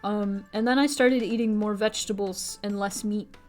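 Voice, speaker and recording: A young woman streamer chatting casually with viewers, rambling from one thought to the next and jumping into a squeaky high voice when she quotes someone. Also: steady tone, normal speed, darkish tone, soft background music.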